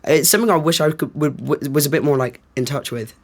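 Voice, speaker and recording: A man's voice: on the high side, fast talker. A young man from England, a podcast guest, chatting casually and hesitantly with many restarts. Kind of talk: casual chat.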